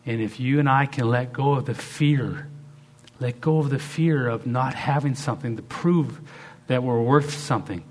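A man's voice: medium pitch, moderate pace. Dynamic preaching man. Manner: dynamic, swings between loud acted-out quotes and soft asides. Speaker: pastor. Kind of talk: sermon.

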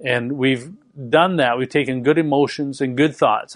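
A man preaching a sermon, fast and emphatic, often repeating and restarting his words. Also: mid-range voice, steady tone, no echo, studio quality.

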